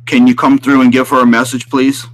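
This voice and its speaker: A man in the middle of a live spirit session, talking eagerly and repeating his points as he questions whoever comes through. His voice sits at an ordinary middle pitch. A loud wash of static and clicking runs under everything he says. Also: level tone, brisk. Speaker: paranormal livestream host. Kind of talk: live stream commentary during spirit session. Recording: loud background noise.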